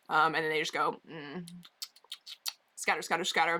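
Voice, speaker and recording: Brief: chatty woman streamer with a bright, sharp voice, casual and rambling, talking to viewers from her basement. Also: low voice, steady tone, moderate pace, pauses often. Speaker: livestreamer. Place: basement bedroom.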